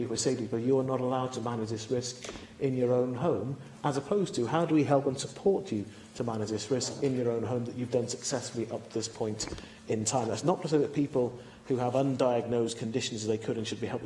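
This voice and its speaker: A male cabinet secretary gives an earnest, explanatory answer and often poses rhetorical questions. His voice is mellow, and he speaks quickly. The recording is roomy and echoey, with a faint hum underneath. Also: medium pitch. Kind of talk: parliamentary answer. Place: debating chamber.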